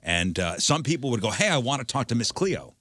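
A man's voice: mid-range voice, big pitch swings, fairly quick, fairly bright tone, no echo, clean studio sound. A man co-hosting a radio show, animatedly recounting what he read and watched. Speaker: radio co-host. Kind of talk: casual chat.

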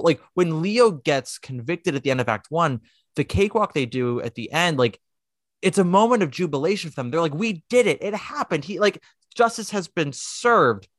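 A man co-hosting a podcast in casual chat, animated and profane, acting out quotes in put-on voices. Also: medium pitch, no echo, studio quality. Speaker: podcast co-host.

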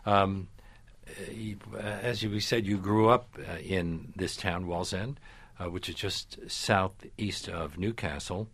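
A man's voice: low voice, steady tone, takes it slowly, fairly bright tone, slightly rough, no echo. A man hosting a broadcast interview, asking questions in an inquisitive, conversational way. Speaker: radio interviewer, host.

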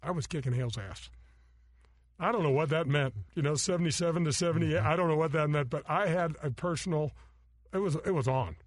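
A middle-aged man hosting a golf show, telling stories in animated, casual chat, acting out voices and laughing often. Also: on the high side, a little fast, dry recording, studio quality.

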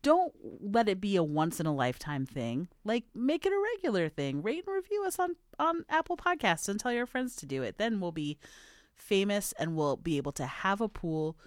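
A woman's voice: mid-range voice, sing-song, moderate pace, dry recording, studio quality. A woman hosting a podcast in casual chat, gushing and playful with lots of slang. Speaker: podcast host.

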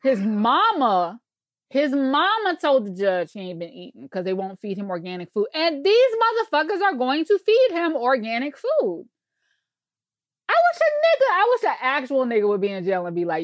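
A woman's voice: high voice, huge pitch swings, normal speed, no echo, studio quality. A woman co-hosting a podcast, ranting in casual conversation, emphatic and profane. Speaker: podcast co-host.

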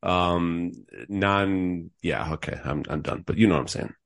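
Man co-host, deep voice, relaxed sports-talk chatter with frequent restarts. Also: unhurried, vocal fry. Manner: easygoing, repeats words when starting a thought. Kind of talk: casual hockey talk.

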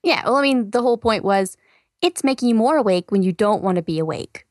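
A woman's voice: mid-range voice, expressive, brisk, darkish tone, no echo, clean studio sound. A woman co-hosting a casual science podcast, chatty and full of "you know" fillers. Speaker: science news co-host.

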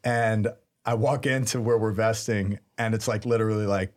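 A man in his thirties, a priest and podcast co-host, telling a story in a lively, laughing way. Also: lowish voice, moderate pace. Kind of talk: casual storytelling chat.

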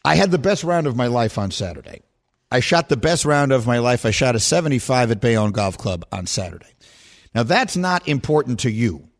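A man's voice: medium pitch, very animated, moderate pace. A middle-aged man hosting a sports radio show, chatting in a self-deprecating, storytelling way. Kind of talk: casual radio talk.

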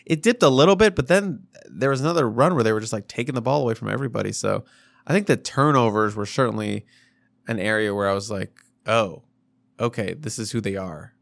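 A man's voice: medium pitch, fast, creaky, no echo. A man co-hosting a podcast, rambling loosely through a casual sports chat with lots of fillers and restarts. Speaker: podcast co-host.

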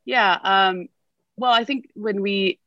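A woman's voice: medium pitch, takes it slowly, dry recording, highs cut off. A woman in her thirties, a reporter guest on a podcast, animatedly recounting a story. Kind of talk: casual conversation.

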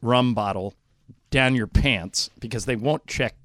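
A middle-aged man hosts a talk radio show, spinning stories with animated asides. His voice sits in a dry, close studio sound with no room echo. He talks at an everyday middle pitch. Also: unhurried. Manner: chatty storyteller, animated asides. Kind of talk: casual talk radio banter.

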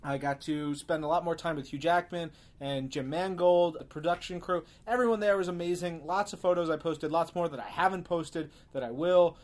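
Guy hosting a podcast, chatty and jokey, voice sits a bit high. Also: moderate pace, hardly any pauses. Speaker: podcast host. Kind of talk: casual chat.

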